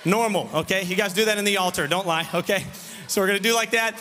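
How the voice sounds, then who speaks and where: A man leading a lively children's revival service, joking and teasing the kids while he gives them actions and call-and-response lines. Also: high voice, fast talker, soft background music. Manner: playful, teasing, loud leader of a crowd of kids. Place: large church sanctuary. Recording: reverberant church hall, faint room noise.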